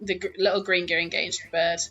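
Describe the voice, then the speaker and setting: A woman's voice: lowish voice, flat delivery, normal speed, pushed and bright, highs cut off, faint music behind. A woman narrating as dungeon master of a tabletop game, laughing often as she talks.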